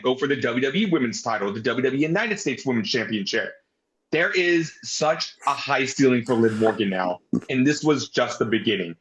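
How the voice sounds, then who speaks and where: A man's voice: mid-range voice, fairly bright tone, highs cut off. A man co-hosting a podcast, talking casually with strong opinions and some swearing. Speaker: podcast co-host. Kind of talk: casual chat.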